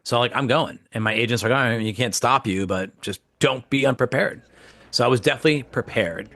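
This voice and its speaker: A man's voice: fairly quick, vocal fry, dry recording. A man, an actor and comedian, telling a story casually and acting out the quotes with big jumps in his voice. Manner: animated, acts out quotes with big pitch jumps.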